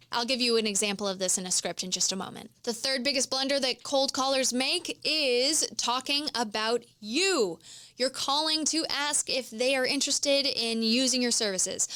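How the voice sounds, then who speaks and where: A woman with a high, sharp voice speaks fairly quickly in a dry recording. She hosts a business podcast, coaching listeners with explanations and demonstrating tones of voice in an instructional monologue.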